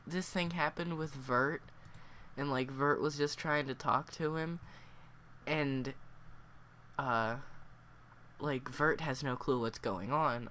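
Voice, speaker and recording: A man's voice: medium pitch, sharp tone, slight background noise. Man rambling through a story review. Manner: keeps breaking into laughter, voice wavering; rambling with many fillers. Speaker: book reviewer.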